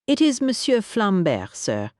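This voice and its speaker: A woman's voice: mid-range voice, huge pitch swings, a little slow, darkish tone, no room sound, studio quality, pitched above the performer's own voice. A woman voicing a stout, self-important manservant who speaks formally and with drama. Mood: pompous.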